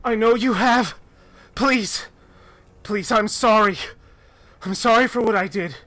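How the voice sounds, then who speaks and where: A woman's voice: slow, a bit bright, no echo. Man putting on a weeping, pleading young woman. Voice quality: high, tearful pleading.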